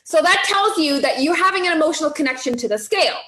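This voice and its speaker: A high-pitched woman coaches a group through weight loss in an easy, chatty way. She keeps asking "okay?" and "right?" to check that everyone follows. Her voice rings in an echoey room. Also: animated, quick pace, pushed and bright.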